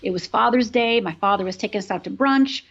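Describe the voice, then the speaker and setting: A woman's voice: medium pitch, a little fast. A woman with a mid-range voice tells her own life story as a guest on an interview show. She speaks earnestly and stresses points by repeating them. The recording is dull and slightly lo-fi. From Upper Michigan, USA. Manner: earnest, emphatic, repeats phrases for weight. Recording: dull lo-fi sound.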